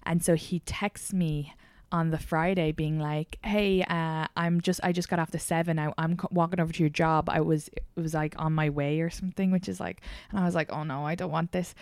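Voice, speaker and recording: A young Irish woman hosting a podcast, telling candid stories in a casual, animated way with plenty of swearing. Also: low-pitched, brisk, dry recording. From Ireland. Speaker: podcast host. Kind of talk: casual chat.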